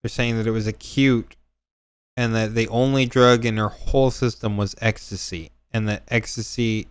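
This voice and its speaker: A man's voice: lowish voice, steady tone, moderate pace, clean tone, no echo. A man co-hosting a reaction stream, chatting animatedly and sarcastically and laughing often. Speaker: stream co-host. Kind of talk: casual reaction-stream chat.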